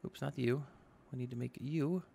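A man with a warm, husky, medium-pitched voice and some vocal fry talks at a moderate pace over his own gameplay. As a gaming YouTuber giving casual let's-play commentary, he's chatty, thinks aloud, and throws in exclamations.

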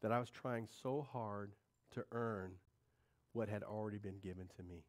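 A man's voice: on the low side, moderate pace. Man preaching a conversational sermon. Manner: conversational, swings from loud to quiet. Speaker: pastor.

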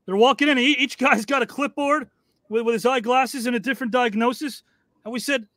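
High-voiced male talk show host. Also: fairly quick, sharp tone, no room sound, studio quality. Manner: formal announcing, addresses guests politely.

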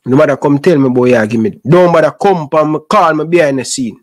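Speaking briskly in a fairly high voice, a middle-aged Jamaican man with a Jamaican accent hosts his own sports channel. He rants casually straight to camera, addressing viewers in impassioned, preachy Patois.

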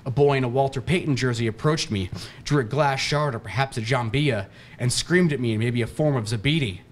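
A man's voice: mid-range voice, fairly quick, a little hiss or hum, lightly acted. A man reading aloud, voicing a rambling, self-pleased middle-aged stepfather in a raised voice.

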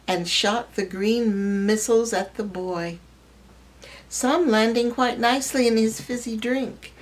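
A woman reads a short story aloud in a measured, expressive way. Her voice sits at an ordinary middle pitch for a woman. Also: poor audio. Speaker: reader.

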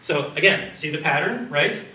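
Here the lecturer's voice is fairly high, expressive, pushed and bright, moving at a moderate pace as he presents his slides. Chatty in manner, he regularly turns to the audience with questions. Faint noise sits under a roomy, far-off sound typical of a lecture room or community hall.

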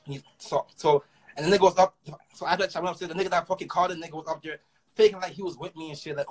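Young toronto dude ranting super fast, kinda husky, stumbles and repeats himself, swears a lot. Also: male voice, fairly high pitch, fairly even intonation, low-quality recording. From Canada. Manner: fast, repetitive, profane, stammering restarts. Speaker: rapper. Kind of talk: casual storytelling rant.

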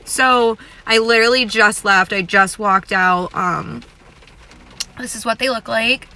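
A woman's voice: on the high side, unhurried, bright, forceful tone, slight background noise. A young woman vlogging casually to camera from a car, chatty and emotional, full of "like" fillers.

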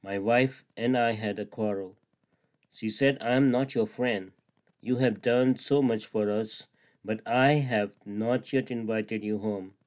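A man's voice: on the low side, steady tone, unhurried, darkish tone, lightly acted. A man voicing a troubled male crocodile torn between his friend and his wife, in plain, earnest storybook dialogue. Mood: coaxing.

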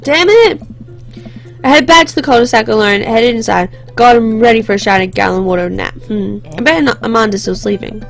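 A woman's voice: on the high side, quick pace, creaky, hardly any pauses, soft background music. Young woman reading a game aloud. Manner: chatty, reflective asides. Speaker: let's play host. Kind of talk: reading a visual novel aloud with commentary.

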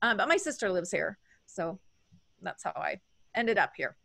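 A woman's voice: medium pitch, sing-song, moderate pace, gravelly, fairly bright tone. A woman co-hosting an interview podcast, talking in a bubbly, chatty way. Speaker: podcast co-host. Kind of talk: casual interview chat.

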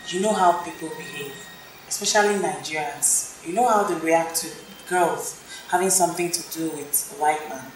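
A woman playing a troubled young woman who talks softly and haltingly. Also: sits low, a little hiss or hum, close to an everyday voice. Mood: subdued. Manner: soft, hesitant, halting. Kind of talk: film drama acting. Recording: echoey room with music under.

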